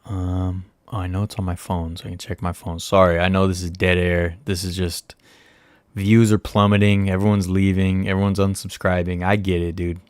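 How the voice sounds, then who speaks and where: A man's voice: deep voice, flat delivery, moderate pace, smooth, no room sound. A man hosting a casual livestream, rambling and joking at himself as he chats with viewers. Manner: rambling, self-mocking, talks to viewers while searching. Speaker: livestream host.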